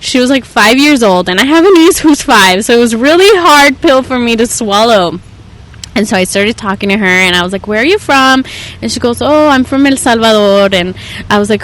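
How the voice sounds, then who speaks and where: Woman, young adult, podcast guest, earnest, storytelling, average pitch. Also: normal speed, a bit bright, a little hiss or hum, poor audio. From Southern California. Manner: earnest storytelling, acts out quoted voices with raised pitch. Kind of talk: casual podcast conversation.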